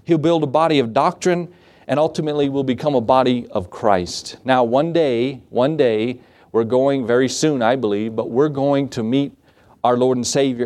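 A male pastor preaching a sermon, animated, often asking the congregation rhetorical questions. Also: medium pitch.

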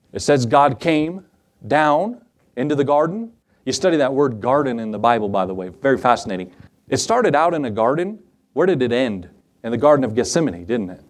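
A middle-aged man preaching a sermon as pastor, animated and acting out Bible scenes in different voices. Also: fairly high pitch.

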